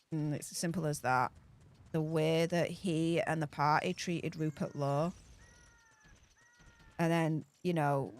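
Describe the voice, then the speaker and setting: Excitable Yorkshire woman chatting over a game. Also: sits low. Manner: excitable, chatty, laughs often. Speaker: channel host. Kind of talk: casual gaming commentary with political chat.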